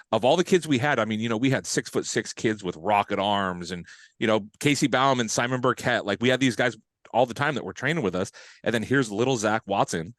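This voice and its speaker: A man hosting a sports podcast, telling stories in a lively, casual way with bits of slang. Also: lowish voice, brisk, dry recording. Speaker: podcast host.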